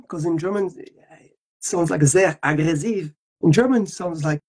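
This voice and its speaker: A man's voice: a little high, moderate pace, a little mellow, slightly rough, poor audio. A man from Algeria, a voice actor chatting playfully with fans at a live autograph session and joking in several languages. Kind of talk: casual livestream chat.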